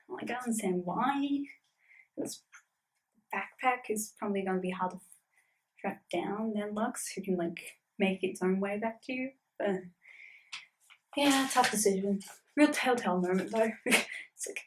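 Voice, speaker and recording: A woman's voice: mid-range voice, unhurried, long pauses, slight background noise, poor audio. A woman chatting casually in a vlog about a tabletop campaign she plays in, rambling with lots of fillers.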